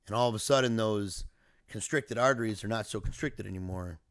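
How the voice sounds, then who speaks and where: A man's voice: lowish voice, a little fast, fairly bright tone, clear, resonant tone, no echo, studio quality. Earnest man telling a family story. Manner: earnest, emotional, reflective storytelling. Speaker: father recounting a family emergency. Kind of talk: personal video diary monologue.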